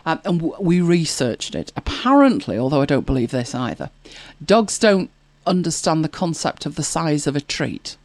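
A woman's voice: low voice, big pitch swings, normal speed, darkish tone, no echo. A woman hosting a casual chat show, telling anecdotes and reading viewer comments with frequent laughs. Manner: chatty, anecdotal, laughs often. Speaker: podcast host.

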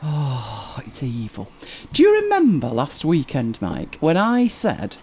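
A woman hosting a live stream, chatting casually with viewers, wry and exasperated with quick laughs. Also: extremely low pitch, huge pitch swings, darkish tone, a little hiss or hum. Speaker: livestream host.

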